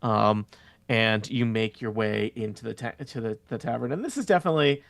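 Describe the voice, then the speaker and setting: Dungeon master, man, gravelly voice, dry close sound, lots of uhs and ums. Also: lowish voice, brisk, a bit bright, no echo. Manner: rambling, many filler words. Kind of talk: narrating a tabletop game.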